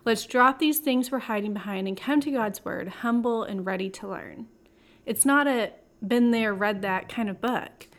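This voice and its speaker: Woman host, a touch high-voiced, reads a scripted Bible lesson with chatty asides. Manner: warm, conversational, with playful asides and dramatic slow emphasis. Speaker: Bible teaching podcast host. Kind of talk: scripted devotional teaching.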